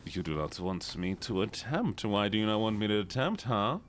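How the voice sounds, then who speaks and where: A man's voice: lowish voice, expressive, normal speed, a little hiss or hum. A young man streaming a game, chatting casually and joking with his chat, often slipping into silly voices. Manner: playful, jokey, reacts to chat and breaks into silly voices. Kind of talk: casual gameplay livestream chat.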